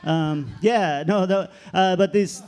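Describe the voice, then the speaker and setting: Male open-mic comic, slightly high voice, meandering and halting. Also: darkish tone, clean tone. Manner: rambling, hesitant, many fillers. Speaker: stand-up comic.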